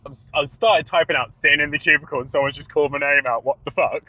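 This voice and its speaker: A man's voice: fairly high pitch, steady tone, quick pace, dry recording, lo-fi sound. A man co-hosting a casual podcast chat, telling stories animatedly with frequent laughs and swearing. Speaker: podcast co-host.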